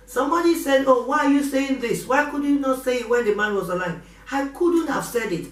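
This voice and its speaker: A woman's voice: a little high, a bit bright. A middle-aged woman pastor, preaching with passion and repeating her pleas. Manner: impassioned, repeats exhortations. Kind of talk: preaching sermon. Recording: roomy echo from a distance.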